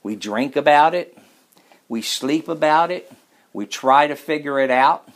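A man's voice: on the high side, expressive, unhurried. A man preaching a sermon in a church, telling a folksy, humorous story before rising to emphatic scripture reading.

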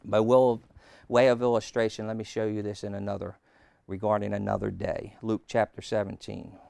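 Male preacher teaching slow, smooth clear voice, dry sound, punches words hard. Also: on the low side, flat delivery, dry recording. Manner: slow, emphatic teaching with sudden loud stresses. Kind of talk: sermon teaching. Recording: old taped sermon.

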